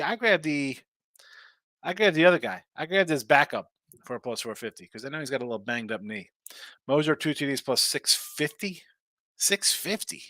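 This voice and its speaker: A man hosts a live sports betting stream with a bright, forward voice in a dry, close recording. He chats quickly and casually. He reads viewer comments aloud between his own picks. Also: mid-range voice, no room sound. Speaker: sports betting show host.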